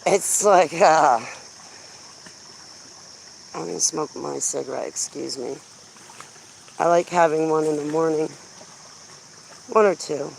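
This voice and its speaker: A woman's voice: deep voice, slow, vocal fry, long pauses, a little hiss or hum. A woman vlogging outdoors while walking her dog, rambling through a story in a blunt, chatty way on a handheld phone. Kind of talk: casual rambling chat.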